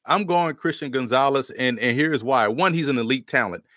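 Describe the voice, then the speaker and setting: A man's voice: medium pitch, normal speed, fairly bright tone, dry recording, clean studio sound. A man appearing as a guest draft analyst, confidently laying out his reasoning point by point. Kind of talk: casual podcast analysis.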